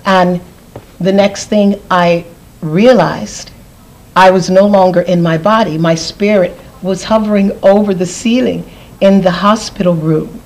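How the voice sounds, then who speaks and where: A woman's voice: medium pitch, a little mellow, poor audio. A woman giving a personal testimony as an interview guest, earnest, often repeating phrases for emphasis.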